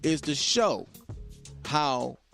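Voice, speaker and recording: A man's voice: a little high, lively intonation, drawn-out words, vocal fry, a bit bright, soft background music. A man hosting a podcast, talking in an emphatic, repetitive monologue and preaching to his listeners. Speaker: podcast host. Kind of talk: casual monologue.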